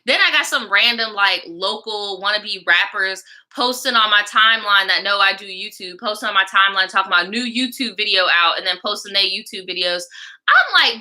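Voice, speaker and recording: A woman's voice: medium pitch, brisk, pushed and bright. A young woman hosting a livestream, telling a story in a casual, profane, exasperated rant. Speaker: livestream host.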